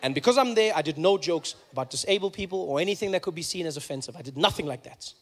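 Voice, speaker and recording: A man's voice: on the high side, quick pace. A man from South Africa doing stand-up, telling a story on stage and acting out the people in it. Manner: animated, acts out other people's voices. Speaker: stand-up comedian. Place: comedy stage with a live audience.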